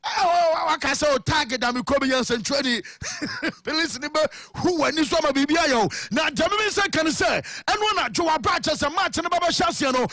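High, bright-voiced Ghanaian radio sportscaster. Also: male voice, a little fast, no room sound, studio quality. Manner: animated, sing-song, often raising his voice. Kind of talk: radio sports news report.

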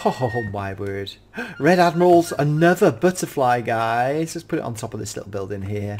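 A British man from the United Kingdom gives casual, excitable gameplay commentary as a YouTube reviewer, often gasping and exclaiming in wonder. His voice is mid-range and his pace moderate.

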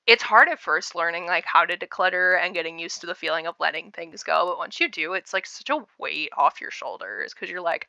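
A woman's voice: on the low side, a little fast, creaky, few pauses, pushed and bright, no echo. A woman giving casual, wry and blunt reaction commentary in a chatty way.

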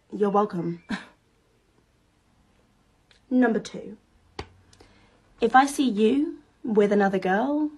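A woman's voice: mid-range voice, animated, extremely slow, pauses often, a little mellow, slightly rough. Giggly young woman joking to camera. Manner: giggly, laughs between lines. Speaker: short-video creator.

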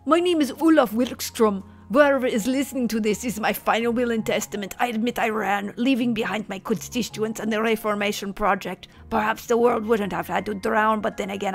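A woman voicing a gruff, panicked older male ship officer reading out his last testament, with a put-on accent and a dramatic delivery. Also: mid-range voice, steady tone, a little fast, soft background music, lightly acted.

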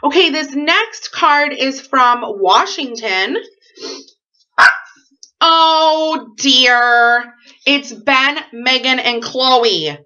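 A woman's voice: high-pitched, animated, slow pace, hardly any pauses, bright, forceful tone, highs cut off. A woman vlogging casually at home, reading out her fan mail in an effusive, rambling way full of asides. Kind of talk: casual chatty vlog.

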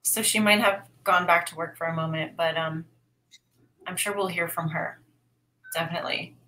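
Bright-voiced woman on a livestream, upbeat, greets chat, gives gentle advice. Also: lowish voice, steady tone, normal speed, a little hiss or hum. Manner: upbeat, reads chat aloud, gently coaching.

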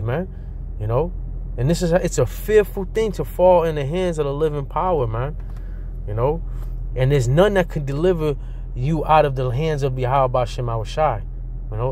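A man delivers a sermon with his voice sitting at an ordinary middle pitch. He reads verses aloud and pushes his warning with mounting urgency. He keeps slipping the word "man" into the ends of his sentences. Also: darkish tone, slight background noise. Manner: earnest, punctuates sentences with "man". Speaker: preacher. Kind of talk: fiery street-style sermon with scripture reading.

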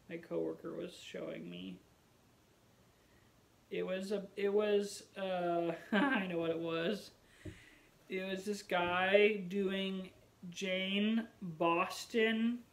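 Chatty man with a high, gravelly voice. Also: rough recording. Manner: rambling, musing aloud with fillers; wry, self-mocking humor. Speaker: vlogger. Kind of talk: casual chat to camera.

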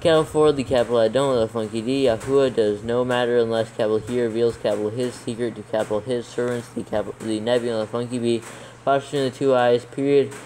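A man reading scripture aloud for proofreading, slowly calling out each capital letter and punctuation mark. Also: medium pitch, fairly even intonation, a little mellow, slight background noise, low-quality recording. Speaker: proofreading reader. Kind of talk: dictating scripture text aloud.

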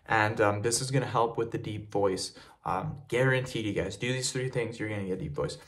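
A young man with a fairly low voice gives casual how-to tips straight to camera. He talks plainly and repeats himself, with fillers scattered throughout, like a fitness vlogger walking viewers through simple steps. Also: brisk, fairly bright tone. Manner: plain and repetitive, with frequent fillers. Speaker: fitness video creator. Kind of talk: casual tutorial talk to camera.

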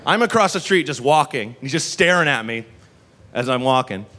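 Animated male stand-up comic, bright voice. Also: medium pitch, fairly quick. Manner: animated storytelling, rambling asides. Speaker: stand-up comedian. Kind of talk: stand-up comedy set. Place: live comedy venue on stage.

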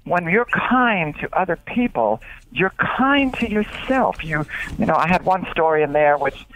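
A man interviewed as an author, telling animated stories and acting out what others said. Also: high voice, unhurried, dry recording. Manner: animated storytelling with acted-out quotes. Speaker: author and guest. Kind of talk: radio interview. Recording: dull dry lo-fi radio audio.

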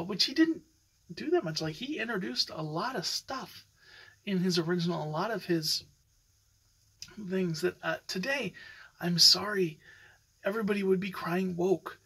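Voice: mid-range voice, normal speed, vocal fry, pushed and bright, breathy edge, low-quality recording. A podcast host talking in a casual, opinionated way, rambling with many fillers and restarts. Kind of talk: casual solo podcast commentary.

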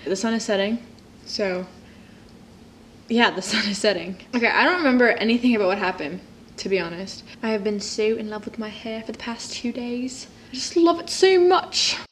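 A young woman talking straight to her viewers in a loose, giggly way, full of little laughs and asides that poke fun at herself. Her pitch sits right in the middle for a woman, and a faint hiss of background noise runs under her voice. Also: moderate pace. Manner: giggly and chatty, self-mocking asides; drops to a hushed whisper at times. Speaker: vlogger. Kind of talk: casual vlog chat while playing a story game.

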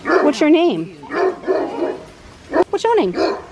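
A woman's voice: sits high, huge pitch swings, slow pace, heavy background noise. A woman hosting a vlog outdoors at an animal ranch, talking sweetly to the animals and narrating for viewers. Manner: coos and baby-talks to animals. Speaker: vlogger host.

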